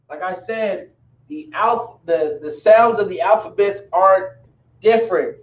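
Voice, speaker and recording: At a measured pace, a religious teacher with a high-sitting voice leads a loose, rambling lesson, joking along the way. The recording sounds dull and echoey, as if captured far off.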